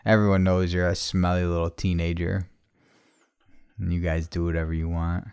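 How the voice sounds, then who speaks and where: A man hosting a casual podcast chat, swearing freely and swinging between quiet reflection and loud ranting. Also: low-pitched, flat delivery, normal speed, vocal fry, clean tone, no echo, studio quality. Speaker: podcast host.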